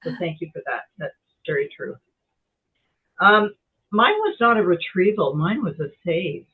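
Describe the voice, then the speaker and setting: A woman on a video call telling her experience in a meditation group, animated and acting out the voices she heard. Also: on the low side, a little slow, slightly rough. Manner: animated storyteller, acts out quoted voices. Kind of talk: casual chat on Zoom. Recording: tinny phone-like call audio.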